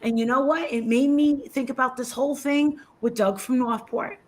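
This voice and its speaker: High-voiced woman ranting angrily. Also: steady tone, moderate pace, a little mellow. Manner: outraged, profane, ranting. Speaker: livestream commentator. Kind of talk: casual livestream chat.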